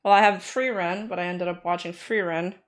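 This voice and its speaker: A woman's voice: on the low side, fairly even intonation, fairly quick. A woman streamer chatting casually while reacting to videos, her voice sore after being sick and her talk laid-back with casual swearing.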